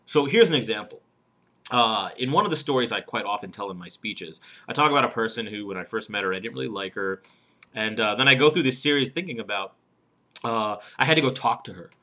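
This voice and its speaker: A man's voice: lowish voice, lively intonation, brisk, bright, forceful tone. A man coaching speakers on humor in an instructional video lesson, explaining step by step in an emphatic, demonstrative way.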